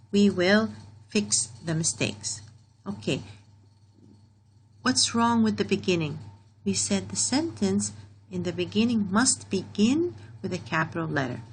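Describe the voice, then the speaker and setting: A woman's voice: fairly low pitch, slight background noise, rough recording. A woman teaching a grammar lesson to young learners, patiently repeating key points and checking in with "okay?" as she goes.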